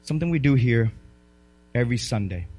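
A male pastor preaching a sermon, swinging between loud calls and low, quiet storytelling. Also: expressive, brisk.

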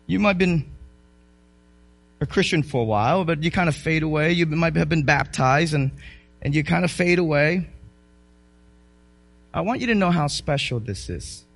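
A male pastor preaching a sermon, swinging between loud calls and low, quiet storytelling. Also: moderate pace, creaky, pauses often.

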